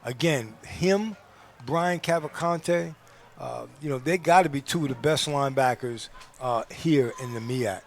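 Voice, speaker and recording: A man giving football color commentary, explaining plays in a measured way with frequent "you know" fillers. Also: mid-range voice, a little hiss or hum. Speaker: color analyst.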